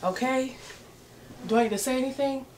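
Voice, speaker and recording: A woman's voice: high voice, moderate pace, darkish tone, slight background noise. A young woman hosting a casual clothing try-on haul, sassy and playful, laughing often as she talks to her viewers. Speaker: fashion vlogger.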